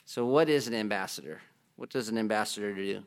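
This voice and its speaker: A man's voice: lowish voice, fairly quick, clean tone. Casual man preaching a sermon. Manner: conversational, asks the congregation questions, joking asides. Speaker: pastor.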